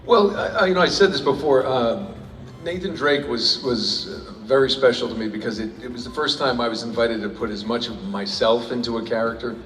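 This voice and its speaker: A man's voice: medium pitch, fairly quick, fairly bright tone. A man answering audience questions at a convention panel, rambling and joking, with lots of restarts. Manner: rambling, self-interrupting, jokey. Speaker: panel guest voice actor. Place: large convention hall. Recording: echoey hall recorded from far off.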